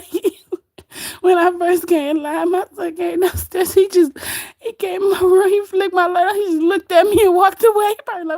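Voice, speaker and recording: A woman's voice: very high-pitched, lively intonation, unhurried, darkish tone, dry recording, clean studio sound. A woman hosting a casual livestream, gossiping about another streamer and laughing often as she reads the chat. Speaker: livestream host.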